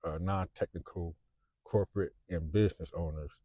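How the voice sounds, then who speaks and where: A man's voice: low-pitched, fairly even intonation, moderate pace, dark tone, no echo, lo-fi sound. A man in his fifties with a Chicago accent, talking to camera in a rambling, unscripted monologue. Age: 50s. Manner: rambling, frequent fillers and restarts. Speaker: vlogger.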